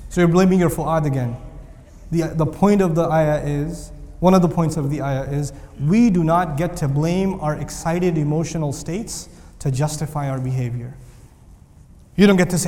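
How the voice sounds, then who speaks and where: A man delivering a sermon, animated and acting out the voices of the people he quotes. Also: on the high side, normal speed, big-room sound. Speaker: Islamic preacher.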